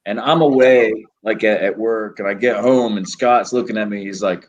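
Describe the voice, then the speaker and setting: A man with a lowish voice rambles through a story in a casual chat. He swears freely and keeps the telling animated. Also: moderate pace, few pauses, lo-fi sound, slight background noise. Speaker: host.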